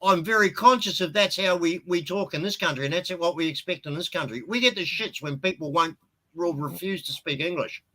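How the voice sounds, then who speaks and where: A man's voice: a little high, fairly quick, sharp tone, low-quality recording. An Australian man with an Australian accent, ranting bluntly and swearing freely in a casual live-stream chat.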